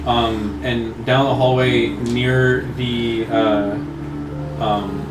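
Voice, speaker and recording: A man runs the tabletop game as its narrator, calling for rolls and painting scenes in a loose, laughing way. He sits a little back from the mic, so his voice comes through roomy and echoing over a steady background noise. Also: medium pitch, drawn-out words. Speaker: game master. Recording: echoey room, far from the mic, noisy.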